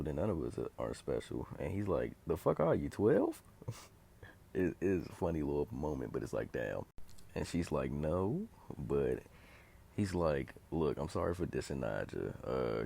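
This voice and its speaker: A man's voice: rumbling low, vocal fry, dark tone, slightly rough. A young man casually recapping a TV episode and quoting the characters in his own voice. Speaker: video recapper.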